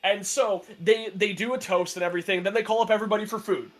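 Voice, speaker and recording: A man's voice: sits high, fairly even intonation, quick pace, a bit bright. A young man chatting casually on a podcast, telling a long story with many fillers and restarts, sarcastic and laughing often. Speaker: podcast co-host. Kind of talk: casual chat.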